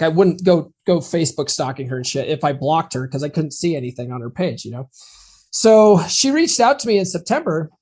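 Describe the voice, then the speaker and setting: A man co-hosting a podcast, telling a personal story in a chatty way and laughing at his own lines. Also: a little high. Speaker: podcast co-host. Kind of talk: casual chat, personal story.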